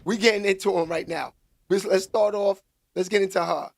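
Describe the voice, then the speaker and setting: A slangy, emphatic man with a notably high-pitched voice hosts a casual commentary vlog. He talks in loose street slang and keeps circling back to the same catchphrases. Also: steady tone, a little fast, gravelly, noisy background.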